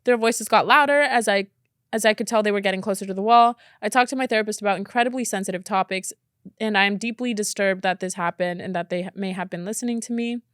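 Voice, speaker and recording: A young woman hosting a podcast, reading out listener stories in casual chat and reacting with incredulous, animated asides. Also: mid-range voice, fast talker, clear, resonant tone, no echo, clean studio sound. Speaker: podcast host.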